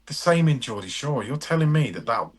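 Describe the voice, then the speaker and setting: A man's voice: mid-range voice, sing-song, brisk. A man co-hosting a podcast in sweary, jokey casual banter. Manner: sweary, jokey, tries out accents. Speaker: podcast co-host.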